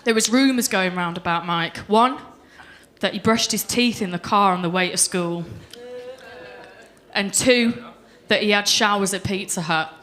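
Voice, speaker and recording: A young woman performing a deadpan stand-up set on a comedy club stage. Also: medium pitch, a little slow. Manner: deadpan storytelling with voiced quotes.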